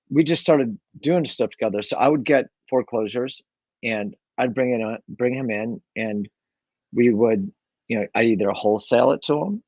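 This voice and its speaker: A man's voice: mid-range voice, a little mellow, no room sound, dull audio. A man telling his story as an interview guest, rambling along with lots of fillers and restarts. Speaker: guest, real estate investor. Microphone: own microphone.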